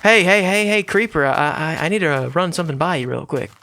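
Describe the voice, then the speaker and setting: A man's voice: on the high side, expressive, brisk, vocal fry, pushed and bright. A man hosting his own gaming channel, giving casual, rambling, jokey commentary to himself while he builds in a game.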